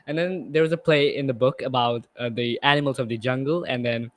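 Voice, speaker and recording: Young male host from India, slightly British-leaning accent, halting speech, mid-pitched, dry recording. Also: fairly even intonation, no echo. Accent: neutral, slightly British-sounding Indian. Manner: hesitant, many fillers and restarts. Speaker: podcast host. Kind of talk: casual chat.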